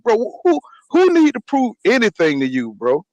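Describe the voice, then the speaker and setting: Man, high voice, heated boxing rant, slangy, dry close sound. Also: very animated, a little fast, few pauses, darkish tone, no echo, highs cut off. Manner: ranting, repeats "you know what I'm saying". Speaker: podcast host. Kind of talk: heated casual boxing talk.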